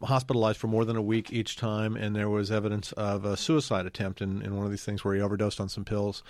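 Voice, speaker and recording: A man's voice: on the low side, monotone, fast talker, a little mellow, dry recording. A man on a news podcast panel explaining political news in a dry, matter-of-fact way. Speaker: executive editor on a podcast panel. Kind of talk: casual panel chat.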